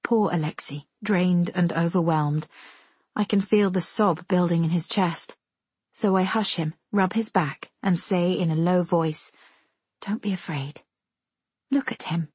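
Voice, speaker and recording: A woman reading a first-person story aloud with measured, intimate storytelling. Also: on the low side, fairly even intonation, a little mellow, husky, dry recording. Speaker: audiobook narrator. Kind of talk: first-person audiobook narration.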